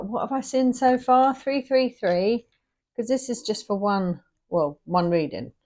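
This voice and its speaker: A chatty woman doing a casual tarot reading, her voice pitched in the middle for a woman. She rambles, breaks off mid-thought and wanders back again, then drags out each word as she counts the cards onto the table. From England. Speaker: tarot reader.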